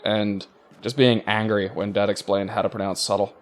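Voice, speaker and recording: A man's voice: fairly low pitch, little pitch movement, normal speed. A man co-hosting a gaming podcast while he plays, muttering to himself and swearing at the game between bits of chat. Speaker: podcast co-host playing a video game.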